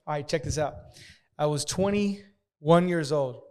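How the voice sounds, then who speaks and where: Fast-talking man telling a story, hall echo. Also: fairly high pitch. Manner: fast, profane, animated storytelling. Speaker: podcast guest. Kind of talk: casual storytelling. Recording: long hall reverb.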